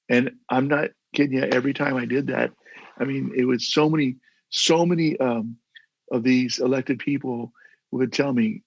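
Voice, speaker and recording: An older man with a gravelly, husky voice talks in a casual interview over a video call. He tells his stories earnestly and rambles, restarting his sentences often. The dull, dry audio has little room sound. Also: medium pitch, steady tone, moderate pace, dry recording. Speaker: guest, former mayor.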